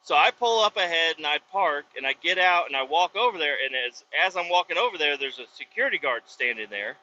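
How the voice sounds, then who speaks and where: Profane storytelling man, bright voice. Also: on the high side, brisk, dull audio. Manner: profane, animated, acts out voices in quotes. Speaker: truck driver telling a work story. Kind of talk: casual storytelling from a truck. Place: inside a pickup truck with windows down.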